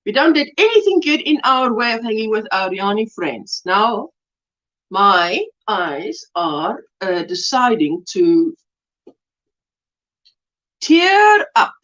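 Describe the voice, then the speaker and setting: A woman's voice: mid-range voice, big pitch swings, takes it slowly, fairly bright tone, lo-fi sound. A woman hosting a casual crochet livestream, chatting and greeting viewers by name, with frequent laughter. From South Africa. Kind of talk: casual live-stream chat. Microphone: webcam.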